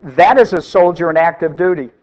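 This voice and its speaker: A man's voice: fairly high pitch, brisk, darkish tone, highs cut off. A male pastor preaching a sermon, emphatic and repeating key phrases for stress.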